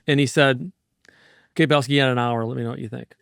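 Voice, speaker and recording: A man in his fifties speaks as an interview guest, tumbling from one example into the next with restless energy. His voice is smooth and resonant at a middle pitch. It is recorded dry and close, with no room sound. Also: fast talker, no room sound. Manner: energetic, rambling, digressive storyteller. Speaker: market strategist guest. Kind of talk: casual interview talk.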